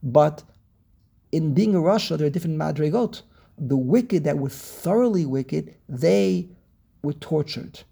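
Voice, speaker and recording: A man teaching a text class over a video call, weaving Hebrew terms into English, pausing and repeating words as he searches, and posing questions he then answers. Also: fairly high pitch, animated, creaky, warm tone, breathy edge. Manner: asks and answers his own questions. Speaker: Torah teacher.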